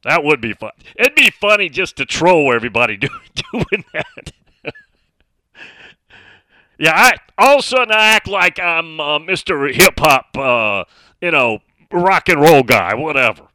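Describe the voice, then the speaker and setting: A man's voice: on the high side, expressive, measured pace, sharp tone, no echo. A middle-aged man hosting a sports talk radio show, speaking emphatically and reading out listener messages.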